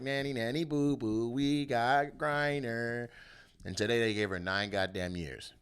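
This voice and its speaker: A male comedian hosting his own show, riffing on the news in a loud, animated, profane rant. His voice is bright and forceful, and he keeps jumping into exaggerated bits. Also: mid-range voice. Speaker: comedian host.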